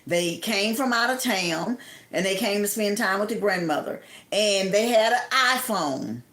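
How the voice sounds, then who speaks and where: A woman's voice: medium pitch, animated, measured pace, fairly bright tone, echoey room. A woman hosting a casual live stream, chatting with viewers, reading their comments and giving advice. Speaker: livestream host.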